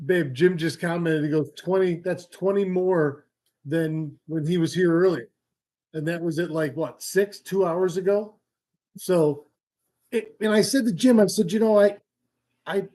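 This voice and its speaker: Rambling, joking man with a higher voice. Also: a little mellow. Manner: rambling, joking, easily sidetracked. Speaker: fishing livestream host. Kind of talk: casual live-stream chat. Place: home, indoors.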